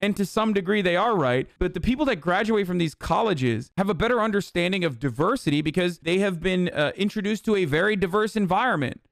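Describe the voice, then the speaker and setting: A man's voice: sits high, animated, a little fast, hardly any pauses, dry recording, studio quality. A man giving heated, sarcastic political commentary, swearing constantly as he reacts to a clip.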